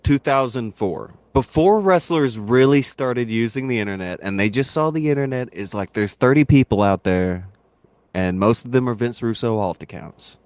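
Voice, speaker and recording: A man in casual podcast chat, telling animated, rambling wrestling anecdotes and laughing at his own jokes. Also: medium pitch, moderate pace, no echo. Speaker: podcast guest, wrestling YouTuber.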